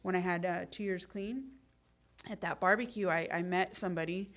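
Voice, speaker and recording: A woman's voice: on the low side, moderate pace. A middle-aged woman, a podcast guest telling her story in casual, streetwise slang full of fillers. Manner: lively when acting out quotes.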